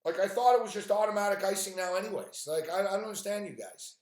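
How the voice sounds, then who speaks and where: A man's voice: sits high, fast, darkish tone. Profane ranting man in an echoey room. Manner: profane, frustrated ranting about games and bets. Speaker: sports betting streamer. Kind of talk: live stream rant.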